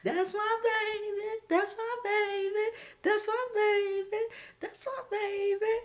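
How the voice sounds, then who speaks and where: Man doing high wailing mom voice, sing-song, emotional, proud middle-aged woman. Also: fairly even intonation, takes it slowly. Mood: tearful pride. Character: overjoyed middle-aged mother, weeping with pride.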